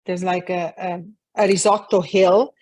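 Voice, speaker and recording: A woman's voice: on the low side, flat delivery, measured pace, a little mellow, muffled recording. A woman co-presenting an online talk, commenting casually with lots of fillers. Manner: chatty, many likes and fillers. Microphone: video call.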